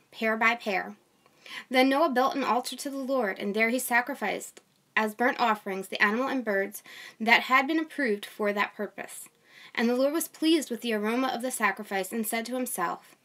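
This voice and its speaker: Slightly high-voiced young woman reading scripture. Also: a bit bright. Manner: reads steadily, then chats with fillers and light laughs. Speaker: Bible reader and host. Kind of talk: scripture reading with casual commentary.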